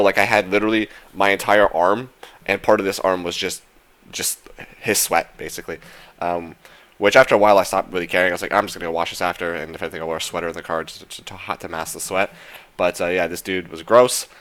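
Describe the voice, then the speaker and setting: A man's voice: sits low, fairly bright tone. A young man casually recapping a concert in a vlog, rambling with lots of fillers and casual swearing. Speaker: vlogger.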